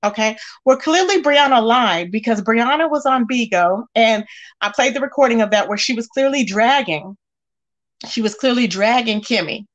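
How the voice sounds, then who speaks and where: A woman hosting a casual gossip commentary, talking straight to her viewers in an animated way with lots of fillers. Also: on the high side, moderate pace, dull audio. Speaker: commentary channel host.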